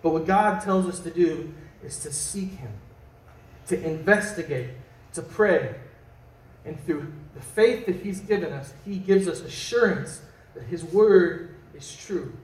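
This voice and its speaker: Man, pastor, conversational sermon, high voice, mic set back in a roomy space. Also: measured pace, a little mellow. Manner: conversational, asks the congregation questions, jokes. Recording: echoey room from a distant mic.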